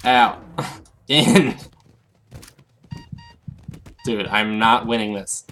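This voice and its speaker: A man's voice: lowish voice, slow, a bit bright, soft background music. A man casually commenting on his gameplay, rambling and mumbling asides as he plays. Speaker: let's play host.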